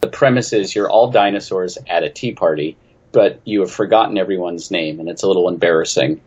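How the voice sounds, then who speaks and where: A man from New England with a very low, husky voice talks through interview questions as a game designer guest. He is chatty and snarky and pokes fun at himself. The audio is a little dull and lo-fi. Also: a little fast, a little mellow. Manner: chatty, self-deprecating, snarky. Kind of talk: casual interview answers.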